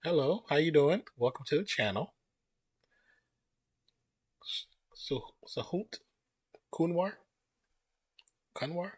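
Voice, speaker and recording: A man's voice: fairly high pitch, slow pace, pauses often, slightly rough, no echo. A man hosting a live stream, chatting loosely and greeting viewers as they join. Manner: relaxed, rambling, greets chat viewers by name. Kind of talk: casual live stream chat.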